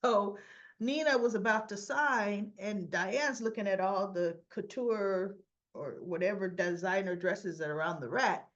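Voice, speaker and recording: A woman's voice: medium pitch, measured pace, muffled recording. A woman chatting through a casual soap opera episode recap, acting out the characters' lines as she goes.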